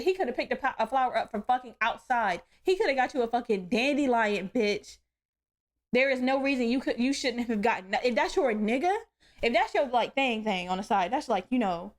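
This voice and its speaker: A young woman hosting a solo podcast, telling stories in a blunt, profane, animated way. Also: on the high side. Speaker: podcast host. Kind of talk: casual solo podcast rant.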